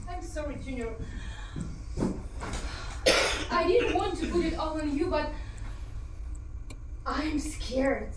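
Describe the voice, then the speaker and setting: A woman's voice: high-pitched, lively intonation. A woman acting a frightened young female soldier, speaking hesitantly in an amateur drama. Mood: scared. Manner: hesitant, halting. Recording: echoey, distant, faint noise.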